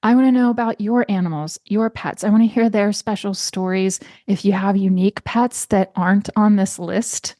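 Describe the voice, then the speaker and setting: A woman's voice: fairly even intonation, normal speed, hardly any pauses, dry recording. Chatty woman podcast host, dry sound. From United States. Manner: warm chatty, lapses into high baby-talk to her cat. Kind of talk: casual solo podcast chat. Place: small room at home.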